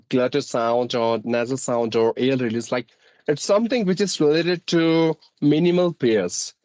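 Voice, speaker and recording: A man's voice: mid-range voice, a little mellow, no echo, rough recording. Articulate Indian man teaching English. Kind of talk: casual conversation practice.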